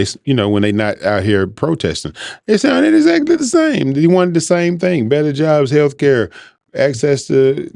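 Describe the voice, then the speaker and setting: This podcast host rambles through a loose, informal monologue in a casual, conversational way. His mid-range voice is clear and resonant, captured dry with studio quality.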